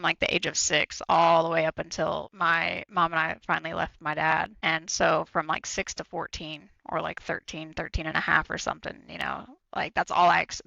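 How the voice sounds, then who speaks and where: A man's voice: a little high, vocal fry, pushed and bright, dry recording, muffled recording. A man co-hosting a podcast, talking candidly and bluntly, swearing freely and repeating himself for emphasis. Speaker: podcast co-host. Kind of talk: candid casual chat.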